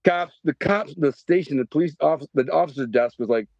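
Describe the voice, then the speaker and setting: Middle-aged man, guest storyteller, animated and rambling, dry, slightly dull mic. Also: a little high, a little fast, dry recording. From Detroit, Michigan. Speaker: podcast guest. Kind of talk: storytelling interview.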